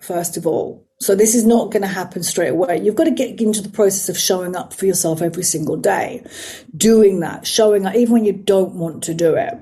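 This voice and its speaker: A middle-aged woman, a psychotherapist and life coach, talking earnestly and slowing down to stress her words. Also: mid-range voice, dark tone. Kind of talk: reflective coaching talk.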